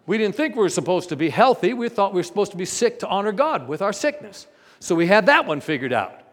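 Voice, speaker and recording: Animated preacher in a reverberant church. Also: male voice, high-pitched, quick pace. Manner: animated, joking with the congregation, storytelling. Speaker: pastor. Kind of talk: sermon. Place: large church. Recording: long reverb in a large church.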